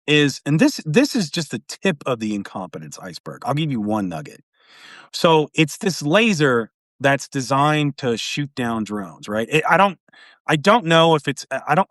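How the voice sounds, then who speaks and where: Animated rambling man in dry studio. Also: on the high side, no room sound. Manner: rambling, restarts often, animated jokes. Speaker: podcast host. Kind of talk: casual political discussion.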